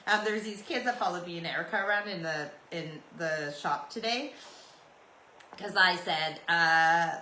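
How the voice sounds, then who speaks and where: A woman's voice: fairly low pitch, a little slow, pushed and bright, echoey room, slight background noise, poor audio. A Canadian woman in her forties hosting a podcast, rambling through stories in a chatty, meandering way. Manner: chatty, meandering, loose and storytelling. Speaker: podcast host. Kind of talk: rambling solo podcast chat.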